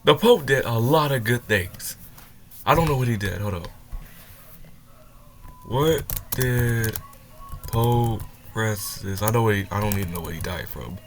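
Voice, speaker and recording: A man's voice: fairly low pitch, lively intonation, unhurried, long pauses. Heated young man ranting in reaction. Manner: heated, swearing, rants and stumbles over words. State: sounds upset after crying. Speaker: reaction video host. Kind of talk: reaction commentary.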